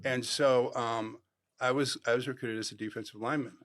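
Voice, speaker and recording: A man's voice: mid-range voice, fairly quick. A man in his sixties, a former pro football player, telling stories as a podcast guest and acting out the quotes. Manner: animated storyteller acting out quotes. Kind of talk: storytelling in a podcast interview.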